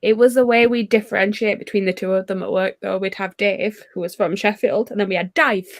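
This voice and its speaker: Woman, mid pitch, dry sound, chatty storyteller. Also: steady tone, a little fast, no room sound. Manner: storytelling, hesitant fillers. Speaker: friend on a group call. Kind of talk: casual chat.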